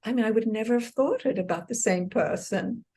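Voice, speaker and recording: A woman's voice: fairly high pitch, fairly quick, warm tone. Earnest woman reflecting in an interview. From United States. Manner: earnest, reflective, with restarts and light laughs. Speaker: author and exercise therapist, guest. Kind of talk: casual interview conversation.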